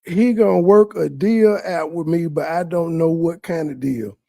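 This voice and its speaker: Male reaction host, mellow dark tone with fry, profane mocking commentary. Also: a little high, moderate pace, no room sound, clean studio sound. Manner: crude, sarcastic, heavy cursing.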